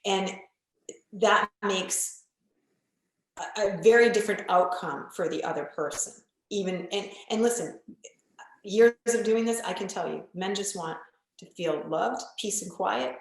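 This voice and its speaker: A woman relationship coach talks bluntly and emphatically on a podcast, sometimes swearing. Her voice sits at a middle pitch. She is recorded in a heavily echoing room. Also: a little slow. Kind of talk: candid podcast conversation. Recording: very echoey room.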